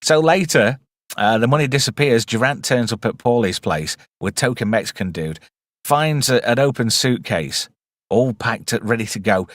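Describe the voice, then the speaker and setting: A man's voice: medium pitch, lively intonation, normal speed, fairly bright tone, dry recording, clean studio sound. A man hosting a casual live film review stream, chatty and wry with rambling asides.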